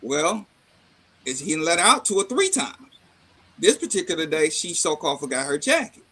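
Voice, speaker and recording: A middle-aged man chatting casually, telling a family story with lively acted-out dialogue and salty slang. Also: on the high side, normal speed, husky. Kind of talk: casual chat.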